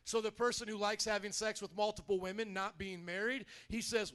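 High-voiced energetic preaching man. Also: brisk, few pauses. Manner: energetic, conversational preaching with audience call-outs. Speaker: pastor. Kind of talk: sermon. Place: church.

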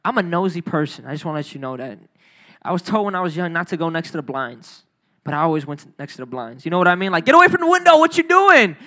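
A man's voice: a little high, quick pace, a bit bright. A man preaching a sermon in a loose, slangy storytelling way, acting out the people in his stories. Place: church hall.

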